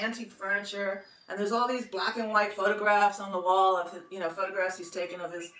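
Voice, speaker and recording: A woman in her sixties telling a long personal story in a chatty, rambling way, often laughing. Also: medium pitch. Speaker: podcast host. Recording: roomy, distant from the mic, faint noise.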